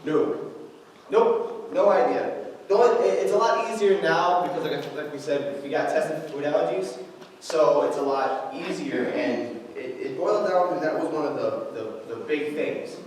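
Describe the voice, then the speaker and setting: A young man telling his own story in a church service, halting, with many fillers and restarts. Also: fairly high pitch, a little mellow. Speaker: guest speaker sharing his story. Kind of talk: informal testimony in a church service. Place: large church sanctuary. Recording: echoey hall, distant mic, faint noise.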